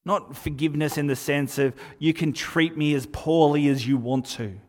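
A man preaching a sermon in a relaxed, conversational way, telling stories with lively asides. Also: fairly high pitch, normal speed, in a large hall. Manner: conversational, animated storytelling with asides. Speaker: pastor.

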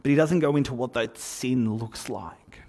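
A pastor delivers a sermon in a reverberant hall, speaking at a normal speed with a medium-pitched voice. His style is conversational, full of animated storytelling and asides.

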